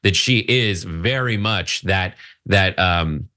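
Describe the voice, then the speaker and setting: A man's voice: low-pitched, takes it slowly, pushed and bright. A man co-hosting a political news show, joking and mocking as he gives his take. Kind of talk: political commentary chat.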